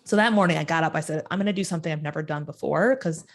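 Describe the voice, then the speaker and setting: A woman guest in an interview telling a personal story, acting out the quoted voices with sudden jumps in pitch. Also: rapid-fire.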